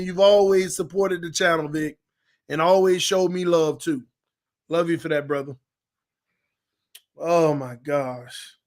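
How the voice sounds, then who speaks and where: A high-voiced man hosts a fan sports channel, delivering loose, animated livestream commentary that swings between shouting and laughter.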